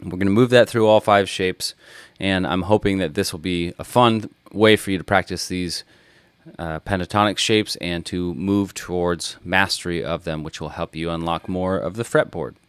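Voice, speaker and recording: A man's voice: low voice, steady tone, moderate pace, smooth, dry recording. A man teaching a guitar lesson, patiently explaining and counting rhythms aloud as he plays. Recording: loud guitar playing behind the voice.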